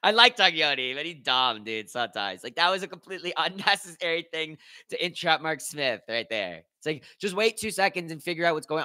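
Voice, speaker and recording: Young dude streaming a fight watch party, bright kinda high voice, hyped, cussing, talking to chat. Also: male voice, fairly quick. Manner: excitable, swears a lot, talks to chat. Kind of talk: live fight commentary. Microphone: headphones with mic.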